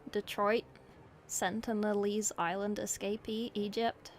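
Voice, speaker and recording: A woman's voice: medium pitch, little pitch movement, unhurried, faint music behind. A woman from England and New Zealand, with an English accent that carries New Zealand traces, chatting playfully with viewers while she paints miniatures and answering the chat in short bursts.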